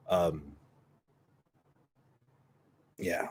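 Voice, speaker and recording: A man's voice: low-pitched, normal speed, a little hiss or hum. A man in his thirties telling a casual story in a rambling way, with lots of fillers and some swearing. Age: 30s. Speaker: vlogger.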